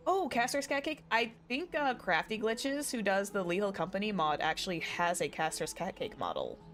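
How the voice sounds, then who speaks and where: A woman's voice: mid-range voice, sing-song, normal speed, fairly bright tone. A young woman streaming a game, chatting in a rambling way and correcting herself often. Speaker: VTuber streamer. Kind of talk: live game stream commentary.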